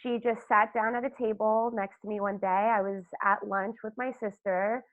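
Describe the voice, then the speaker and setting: A woman's voice: medium pitch, steady tone, moderate pace, no room sound. A woman hosting a podcast interview in casual chat, gushing and rambling with lots of fillers. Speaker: podcast host. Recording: dry, tinny phone-like line.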